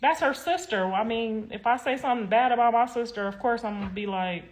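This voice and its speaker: A woman ranting on a casual livestream, blunt and heated, swearing freely and swinging between loud outbursts and low mutters. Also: a little fast, a little hiss or hum.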